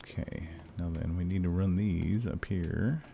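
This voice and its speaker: A man's voice: sits low, unhurried, creaky, dark tone, a little hiss or hum. A man streaming a game, chatting casually and ranting with lots of swearing and fillers. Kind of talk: casual live-stream chat.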